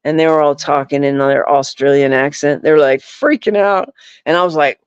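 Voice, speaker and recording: A paranormal investigator guesting on a podcast rambles in loose conversation, his talk full of "like" and "you know." His pitch is fairly high and his pace a touch quick, with a clean tone in a dull, lo-fi, dry recording lacking echo.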